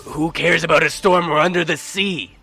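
A man's voice: on the high side, steady tone, normal speed, bright, forceful tone, husky, faint music behind, voice pushed up, exaggerated voice. A man voicing a menacing one-eyed gang leader in a fantasy tabletop game.

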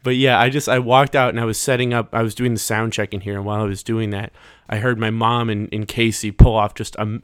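A man's voice: fairly low pitch, fairly even intonation, fairly quick, clean tone, dry recording. A man hosting a solo podcast from his bedroom, talking in a rambling, jokey way with lots of restarts and asides, close to the microphone. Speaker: podcast host.

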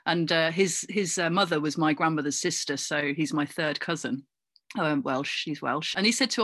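A middle-aged woman from England, chatting as a guest in an interview, animated and full of asides and fillers. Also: deep voice, normal speed, no echo. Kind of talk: casual interview chat.

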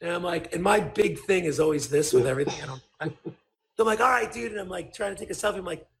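A man, a podcast guest telling a story in casual chat, animated and swearing as he acts out what people said. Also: high-pitched, quick pace, gravelly.

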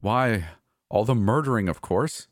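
A man voicing a manic, cruel adult brother who taunts and mocks, breaking into yells. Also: lowish voice, lively intonation, measured pace, no room sound, clean studio sound, pitched above the performer's own voice. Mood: mocking. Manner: taunting, mocking, erratic shifts into yelling.

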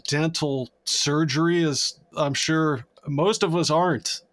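A man's voice: fairly high pitch, fairly even intonation, slow pace, a bit bright. A man co-hosting a casual podcast, telling stories with profanity, quips and self-mocking humor. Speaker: podcast co-host. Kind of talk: casual chat.

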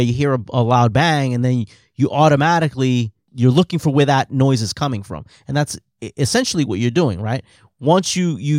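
A man's voice: medium pitch, darkish tone, dry recording, clean studio sound. A man co-hosting a podcast, agreeing and adding to the point, with frequent restarts and "right?" tags. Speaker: podcast co-host. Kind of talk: conversational podcast chat.

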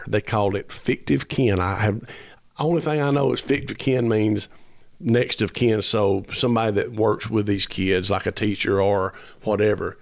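A man's voice: fairly low pitch, vocal fry, no echo. A man, telling a long personal story as a podcast guest, earnest and rambling, acting out the dialogue as he goes. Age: 50s. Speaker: musician guest.

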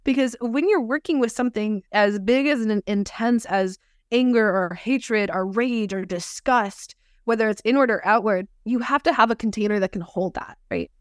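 A woman's voice: a little high, normal speed, dry recording, clean studio sound. Laughing, reflective woman guest. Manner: reflective, laughs often, many restarts. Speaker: somatic experiencing practitioner, guest. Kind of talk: casual podcast conversation.

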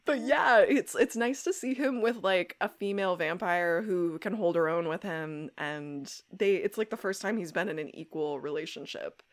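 A woman's voice: lowish voice, normal speed, few pauses. A woman co-hosting a podcast, chatting casually as she recaps a show episode and acts out the characters' lines. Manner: animated, retells scenes with quoted lines and laughs. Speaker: podcast co-host.

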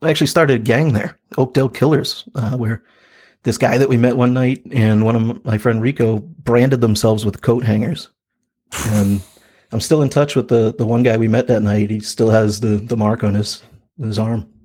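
A man's voice: medium pitch, steady tone, moderate pace, darkish tone, breathy edge. A man in his thirties, a podcast co-host, telling a story in a laid-back way, with lots of fillers and laughs. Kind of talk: casual storytelling chat.

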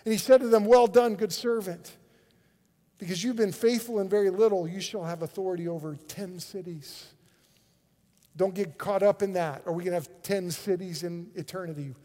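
A male pastor, preaching a sermon with animated energy and frequent word repetitions. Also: high voice, moderate pace, in a large hall. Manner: animated, repeats words when excited.

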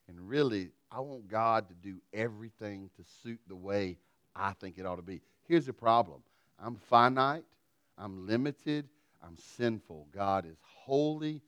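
A middle-aged man, preaching a sermon through a folksy, self-deprecating personal story, swinging from loud to quiet. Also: on the low side, no room sound. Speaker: pastor.

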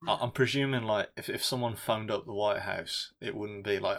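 A man's voice: fairly low pitch, moderate pace, fairly bright tone. A man co-hosting a casual film review podcast, rambling and swearing as he jokes. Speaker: podcast co-host.

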